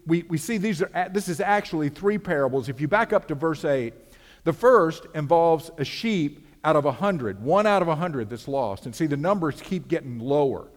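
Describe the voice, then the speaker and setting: A man's voice: a little high, animated, moderate pace. A man preaching a sermon as pastor, earnest and conversational, often repeating words as he builds his point. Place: church sanctuary. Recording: long hall reverb.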